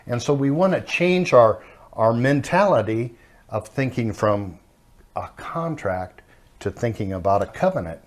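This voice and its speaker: A man's voice: medium pitch, lively intonation, unhurried. An older man teaching a marriage course with his wife, telling stories in a folksy way. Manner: folksy storyteller.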